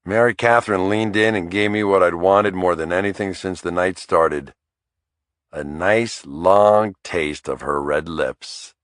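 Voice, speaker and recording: A man narrating a thriller audiobook in the first person, in a wry, measured storytelling manner. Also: sits low, a bit bright, no room sound, studio quality.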